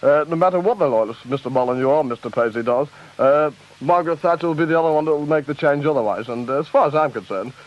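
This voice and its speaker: A man's voice: fairly high pitch, fast, few pauses, close to an everyday voice. A man playing an indignant politician in a debate, full of hesitant uhs. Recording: dull lo-fi record.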